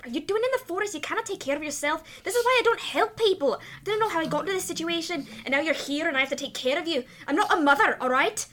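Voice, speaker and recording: A woman's voice: high-pitched, lively intonation, fairly quick, a bit bright. A woman voicing a grumpy, reclusive female elf who avoids people, scolding in curt, exasperated bursts during a tabletop game. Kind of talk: tabletop role-play in character.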